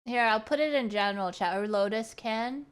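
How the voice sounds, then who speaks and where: A woman's voice: fairly high pitch, normal speed, smooth. A woman streamer chatting casually and playfully close to a studio mic, rambling and restarting her sentences. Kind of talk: casual chat.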